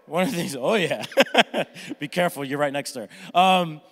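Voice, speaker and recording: A middle-aged man preaching a lively, joking sermon to his congregation. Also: fairly high pitch, moderate pace, long reverb tail. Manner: energetic, jokey, acts out family members with shouts. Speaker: pastor. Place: church sanctuary with congregation.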